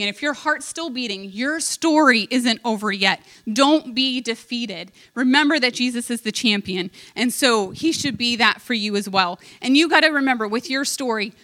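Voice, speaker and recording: A woman's voice: fairly high pitch, pushed and bright. A woman preaching a heartfelt sermon, retelling a story with earnest emotion.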